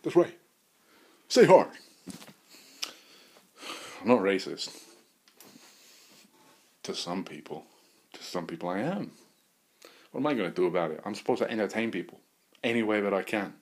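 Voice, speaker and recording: A man rambling through a crude, joking solo monologue as a podcast host, swinging into loud bursts of mock bravado. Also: sits low, animated, brisk, long pauses, slightly rough.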